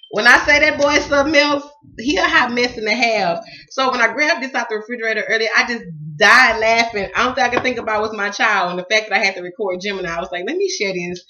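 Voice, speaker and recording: Southern American woman, chatty tarot reader, laughing and cussing, bright edge, dull home recording. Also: on the high side. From Southern United States. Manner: laughs often, cusses, lively storyteller. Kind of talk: casual chatty tarot reading.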